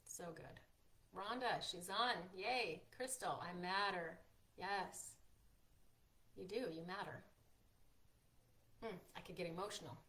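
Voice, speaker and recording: A woman hosting a live-streamed workshop, chatty and encouraging, reading out viewers' comments and filling pauses with "like" and "um". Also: on the low side, pushed and bright. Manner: encouraging, frequent fillers like "like" and "um". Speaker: workshop host and coach.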